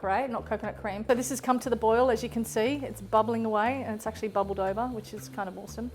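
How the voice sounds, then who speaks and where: A woman hosting a casual cooking demonstration in her kitchen, chatty and gushing as she exclaims over the food. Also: a little high. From Australia. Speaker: cooking show host, chef. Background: music and sizzling food.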